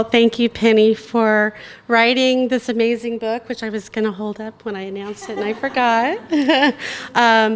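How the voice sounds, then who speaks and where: A woman's voice: on the high side, a bit bright, a little hiss or hum. A woman hosting a live awards evening, chatty with many fillers and frequent laughs. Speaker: awards host and group organizer. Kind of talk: live event speech. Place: event hall in New York.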